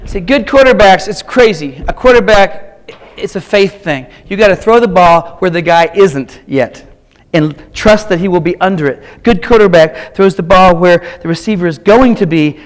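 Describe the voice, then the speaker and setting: A man's voice: sits high, normal speed. A man in his fifties, a teacher, giving a humorous keynote speech with wry, self-mocking stories and punchy short lines. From Kansas. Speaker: keynote speaker, art teacher.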